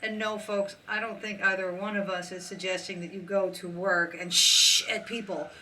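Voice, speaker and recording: A woman's voice: mid-range voice, flat delivery, normal speed, pushed and bright, distant mic, a little hiss or hum, rough recording. A woman hosting a podcast, chatting casually with a guest and laughing easily. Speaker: podcast host. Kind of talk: casual interview chat.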